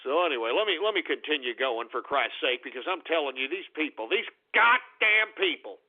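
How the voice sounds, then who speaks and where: A man's voice: medium pitch, expressive, quick pace. A man hosting a call-in radio show, ranting profanely and sounding exasperated at his callers. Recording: tinny phone-like sound.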